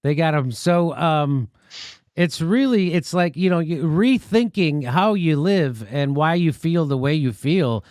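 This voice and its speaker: Swearing talk-show host telling stories. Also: male voice, a little high, animated, unhurried, a little mellow, no echo, clean studio sound. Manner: rambling storyteller, swears freely. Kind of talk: casual interview chat.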